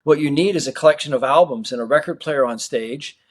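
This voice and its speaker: A man's voice: fairly high pitch, brisk. A middle-aged man from Australia, a magician guest, telling stories in a casual interview and acting out what people said. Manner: animated storyteller who acts out quoted dialogue.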